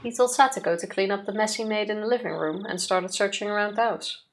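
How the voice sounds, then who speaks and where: A woman co-hosting a let's play, reading the visual novel's text aloud in a steady, even way, with casual asides to her partner. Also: medium pitch, quick pace, slight background noise. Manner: steady, even reading pace with occasional yawns.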